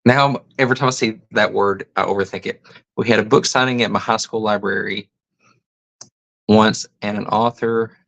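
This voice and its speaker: A man's voice: lowish voice, fairly even intonation, moderate pace, creaky, fairly bright tone, low-quality recording. A man hosting a casual livestream, reading chat comments aloud and musing over them. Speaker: host.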